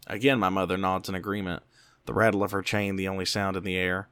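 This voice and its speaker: A man with a very low voice narrates a scripted first-person horror story. He reads slowly and deliberately. The recording is close and dry. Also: fairly even intonation, fairly bright tone, clean tone, no echo.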